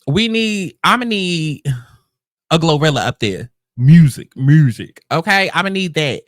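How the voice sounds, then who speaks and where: A woman's voice: on the low side, animated, moderate pace, fairly bright tone, dry recording. A woman hosting a casual reaction commentary, talking in a chatty, rambling way into a close mic. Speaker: host. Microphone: close podcast mic.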